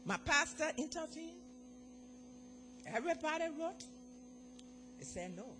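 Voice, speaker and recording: Very high-voiced fervent African woman testifying. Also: sing-song, unhurried, noisy background. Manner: fervent, swings from quiet to shouted praise. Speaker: church testimony speaker. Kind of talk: emotional church testimony.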